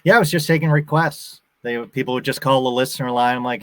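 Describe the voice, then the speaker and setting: A man's voice: medium pitch, fast talker, a bit bright, no echo. A man in his fifties from the Boston area, with a faint Boston accent, chatting as a guest and acting out quoted voices in his stories. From Boston area, USA. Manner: storytelling, acts out quoted voices. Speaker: actor and guest. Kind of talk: casual interview chat.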